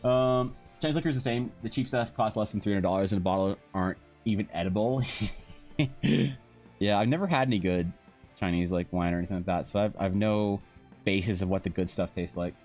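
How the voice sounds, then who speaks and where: Low-voiced, profane, rambling streamer guy. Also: brisk, a little mellow, soft background music. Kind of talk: casual chat with viewers. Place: home.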